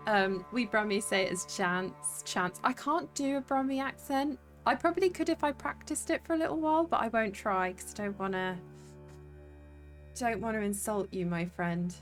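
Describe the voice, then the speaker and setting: A woman's voice: fairly high pitch, fairly bright tone. A young woman with a southern English accent, streaming a game and chatting to viewers, chatty and sweary with frequent laughs. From southern England. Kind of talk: casual gaming livestream chat.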